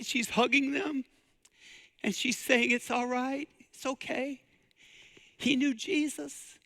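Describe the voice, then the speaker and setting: A man's voice: mid-range voice, bright, forceful tone, long reverb tail. A man from the preaching a sermon as pastor, telling a story and rising to fervent emphasis. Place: church sanctuary.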